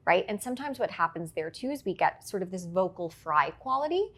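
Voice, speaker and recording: A woman's voice: fairly low pitch, animated, a little fast, a bit bright. Articulate woman coaching on speaking. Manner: articulate, explains with examples and frequent "right?". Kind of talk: instructive interview answers.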